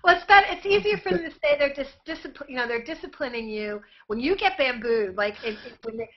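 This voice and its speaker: Lively higher-voiced woman storyteller. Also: fast, few pauses, highs cut off. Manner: animated storyteller, laughs often. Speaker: participant in a group call.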